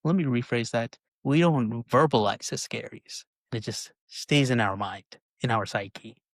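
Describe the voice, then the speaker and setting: Here a male podcast host speaks a little slowly in a mid-range voice, keeping it casual and frequently asking "right?" The audio has no room sound.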